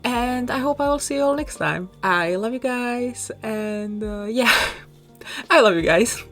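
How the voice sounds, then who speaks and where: A woman's voice: on the high side, measured pace. A young woman from southern Bohemia with a Czech accent, chatting in a rambling, self-conscious way with frequent small laughs as she talks over her build video. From southern Bohemia, Czech Republic. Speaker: YouTuber. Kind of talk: rambling casual chat over a speedbuild. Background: soft background music.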